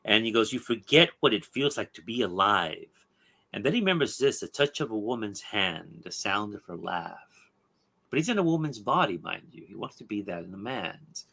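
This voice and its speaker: A man hosting a podcast, retelling a comic book story in an animated way and checking in with his listeners. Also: fairly low pitch, a little fast, creaky, breathy edge. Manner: animated storyteller with tag questions. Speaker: podcast host.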